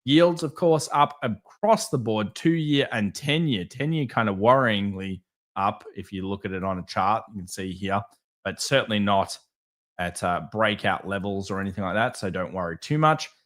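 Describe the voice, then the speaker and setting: A man with a somewhat low voice runs through charts in a live market commentary stream. He talks briskly and candidly, answering viewer chat with quick asides. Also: fairly bright tone.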